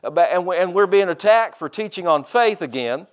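High-voiced older preacher, folksy. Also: male voice, expressive, brisk. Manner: folksy, repeats words, plays out quoted voices. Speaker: pastor. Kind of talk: sermon.

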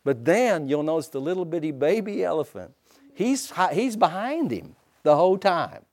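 A man preaching a sermon as pastor, asking his listeners for responses and swinging from hushed to loud. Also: a little high, big pitch swings, normal speed. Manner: asks the congregation for responses.

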